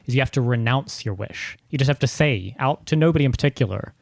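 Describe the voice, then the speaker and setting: A sardonic man talking casually on a podcast, rambling and swearing freely. His voice is mid-pitched and ordinary, and the sound is very dry and close, with no room at all. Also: expressive, fast, vocal fry, no echo. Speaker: podcast co-host.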